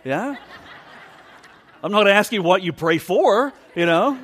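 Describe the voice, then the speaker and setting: A man's voice: high voice, big pitch swings, moderate pace, pauses often, a bit bright. A man in his forties preaching a sermon, chatting with the congregation and telling a story with plenty of questions to the crowd. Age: 40s. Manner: conversational storytelling with audience questions. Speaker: pastor.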